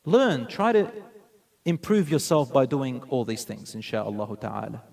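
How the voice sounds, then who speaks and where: A man's voice: medium pitch, sing-song, unhurried, creaky, a little mellow. A man giving a sermon, earnestly telling stories and mixing in Arabic phrases. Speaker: preacher.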